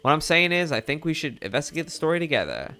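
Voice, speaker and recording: A man's voice: a little high, fast, pitched above the performer's own voice. A man reading a jittery little bird reporter. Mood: chatty. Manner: reading game text aloud with lively rises. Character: chatty male bird reporter, eager, easily spooked. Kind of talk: reading game dialogue aloud.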